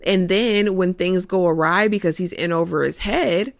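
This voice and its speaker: A host giving a casual, expressive recap of a TV episode, calling listeners "honey" as they go. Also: medium pitch, normal speed, vocal fry, dry recording, studio quality.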